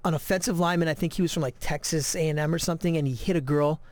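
A man co-hosting a podcast, telling animated stories in casual chat, with many repeated starts. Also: a little high, racing. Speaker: podcast co-host.

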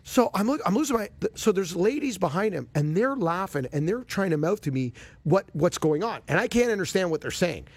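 Guy hosting golf radio, telling stories, really animated, dry booth sound. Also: high-pitched, a little fast, hardly any pauses, slightly rough, dry recording. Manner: animated, expressive storyteller. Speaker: radio golf show host. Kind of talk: casual storytelling chat.

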